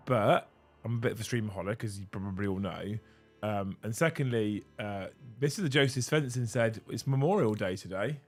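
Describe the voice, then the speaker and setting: Hoarse man hosting a livestream. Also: lowish voice, moderate pace, soft background music. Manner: chatty, swears casually, self-mocking. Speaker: streamer host. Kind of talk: casual livestream chat.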